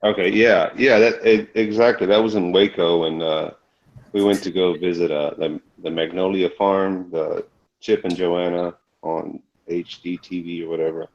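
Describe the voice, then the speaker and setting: A man's voice: deep voice, fairly even intonation, moderate pace. A man joining an online live chat as a guest, talking in an easygoing way, correcting himself and laughing. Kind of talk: casual group chat. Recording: dull lo-fi call audio.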